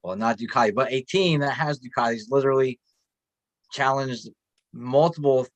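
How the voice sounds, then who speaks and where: A man's voice: medium pitch, normal speed, no room sound, dull audio. A man co-hosting a casual podcast chat, telling stories in a laid-back way. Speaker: podcast co-host.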